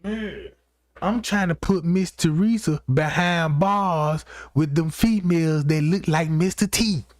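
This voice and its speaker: A man's voice: fairly high pitch, measured pace, no echo. Rambling man on a profane comic rant. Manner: rambling, keeps asking "you know what I'm talking about". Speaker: livestream host.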